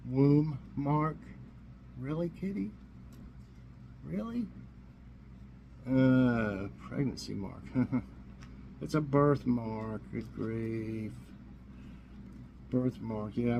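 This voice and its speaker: A man from Tennessee hosting a casual trivia vlog, a little hoarse, easygoing and chuckling to himself. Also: medium pitch, darkish tone, slight background noise, low-quality recording. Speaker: vlog host. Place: warm room indoors.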